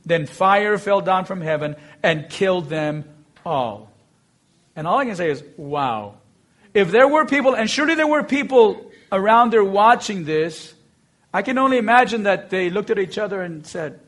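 High-voiced man preaching a sermon. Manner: storytelling, expressive with slow emphatic phrases. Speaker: pastor.

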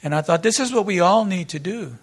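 A man's voice: high voice, lively intonation, brisk, slightly rough. Earnest male pastor preaching a sermon. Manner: earnest preaching, rising to emphatic peaks then dropping quiet; storytelling asides with fillers and restarts. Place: church.

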